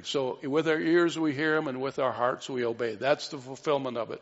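A man's voice: medium pitch, fairly even intonation, normal speed, few pauses. A man preaching a sermon as pastor, earnest and repeating key phrases for emphasis. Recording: dull reverberant hall recording.

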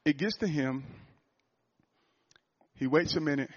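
A man with a fairly high voice tells a story from his coaching work in the cadence of a sermon. He speaks earnestly and often circles back, restarting and repeating his phrases as he goes. The recording is muffled and lo-fi, with little clarity at the top end. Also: measured pace, long pauses. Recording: dull lo-fi recording.

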